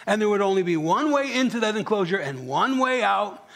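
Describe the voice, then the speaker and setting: A man's voice: high voice, lively intonation, brisk, fairly bright tone. A man preaching a sermon in a church, talking with the congregation and asking them questions. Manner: conversational, asks the congregation questions. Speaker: pastor.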